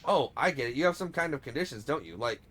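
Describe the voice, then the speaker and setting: A man's voice: mid-range voice, expressive, fast talker, noisy background, lightly acted. A man reading as a vain young woman in debt. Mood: defensive. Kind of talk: reading game subtitles aloud.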